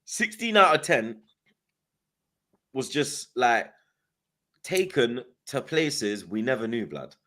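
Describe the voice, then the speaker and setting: A man's voice: medium pitch, big pitch swings, slow, long pauses, sharp tone. Guy on a football pod, chill and slangy, voice bounces up and down a lot. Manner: laid-back, slangy. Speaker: podcast co-host. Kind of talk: casual banter.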